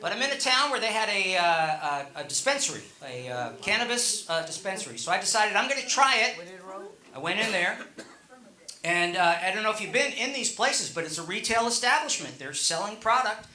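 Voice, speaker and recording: A man's voice: high-pitched, sing-song, brisk, sharp tone. A middle-aged male stand-up comedian on stage, rambling conversationally and teasing the audience. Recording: echoey live room.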